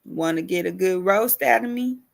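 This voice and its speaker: A woman's voice: fairly low pitch, moderate pace, vocal fry. A woman urban farmer ranting in a casual vlog, emphatic and repetitive, cussing freely.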